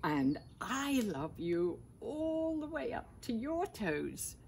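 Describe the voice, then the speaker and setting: An older woman reading aloud, voicing a gentle, fond grown male hare from a picture book, in a hushed, unhurried way. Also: a little high, very animated, creaky, a little hiss or hum, voice pushed up, full character voice.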